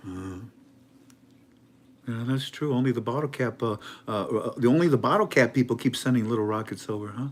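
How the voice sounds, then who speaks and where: A man giving an animated commentary monologue in a dramatic, emphatic way, with many stammering restarts. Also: medium pitch, fairly quick. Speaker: online currency commentator.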